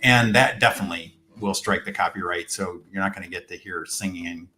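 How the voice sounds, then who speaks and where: A man hosting a music channel, chatting casually on a live stream, answering viewer questions in a rambling, relaxed way with many fillers. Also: sits low, fairly quick, a little hiss or hum. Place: rented room abroad.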